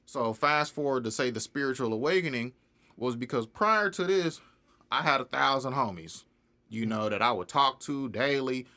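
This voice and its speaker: Young man, bright forceful voice, casual interview guest, lively storyteller, laughs a lot. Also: medium pitch, normal speed. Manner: animated, laughs often, acts out other people's lines. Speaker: independent music artist, guest.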